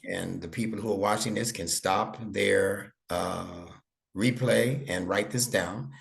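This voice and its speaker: A man's voice: deep voice, steady tone, takes it slowly, gravelly. A middle-aged man giving a one-on-one online lesson to a child, patient and coaxing with playful teasing. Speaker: instructor.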